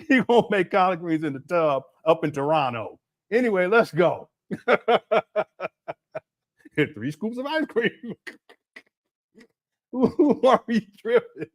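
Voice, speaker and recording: Livestream host, man, high lively voice, giggly and mocking. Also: takes it slowly, pauses often. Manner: laughs constantly, mocking. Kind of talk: casual livestream commentary.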